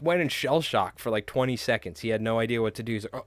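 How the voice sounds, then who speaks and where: A man's voice: mid-range voice, fast, few pauses, fairly bright tone, no echo. A young adult man hosting a live stream, chatting casually and rambling through stories full of filler words and swearing. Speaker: livestream host. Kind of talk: casual chat while tying flies on a live stream.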